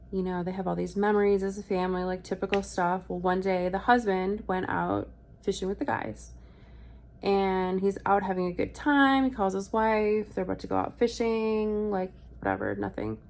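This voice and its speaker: A woman's voice: medium pitch, vocal fry, darkish tone. A young woman, sick with a virus, telling stories in a casual vlog from bed, chatty and swearing, quoting people as she goes. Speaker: vlogger. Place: hotel room, in bed.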